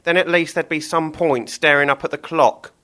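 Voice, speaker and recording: A man voicing a dim, horrible grown butcher in a loud, high, gloating put-on voice while reading a children's book aloud. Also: fairly even intonation, moderate pace. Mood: gleeful. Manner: loud, high, gloating cockney-ish villain voice.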